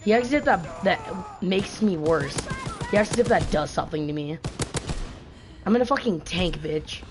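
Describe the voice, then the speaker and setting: A woman's voice: lowish voice, expressive, moderate pace, noisy background. Profane, frustrated woman gaming streamer. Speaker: live streamer. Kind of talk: angry gaming live stream rant. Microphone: gaming headset mic.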